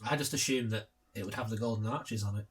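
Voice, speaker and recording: A man's voice: fairly low pitch, fast, breathy edge. A man co-hosting a casual film commentary, trading sarcastic jokes and laughing often. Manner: sarcastic, joking riffs with frequent laughter. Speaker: co-host.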